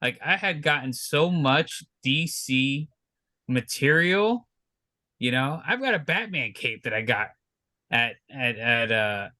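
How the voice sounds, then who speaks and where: A man from New Jersey co-hosting a podcast, talking in a relaxed way with many fillers. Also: medium pitch, slow, dry recording. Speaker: podcast co-host. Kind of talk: casual chat.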